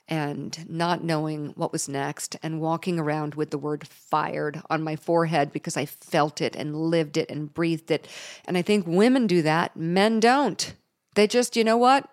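Candid middle-aged woman telling a personal story. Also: fairly low pitch. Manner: candid, emotional, laughing, with chatty fillers.

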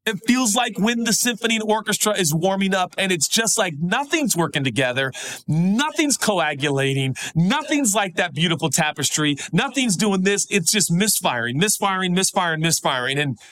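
A middle-aged man preaching a sermon, conversational, swinging between animated high stretches and hushed, low pleading. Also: normal speed. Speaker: pastor.

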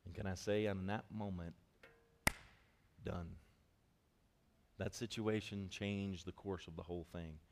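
A man preaching a sermon as pastor, telling a story in a lively, conversational way with quick asides. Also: deep voice, gravelly, in a large hall. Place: church hall.

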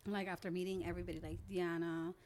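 A woman's voice: on the low side, flat delivery, quick pace, darkish tone, a little hiss or hum. A young woman, a guest on an interview show, chattily retelling conversations and memories in a casual storytelling way. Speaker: guest, older sister.

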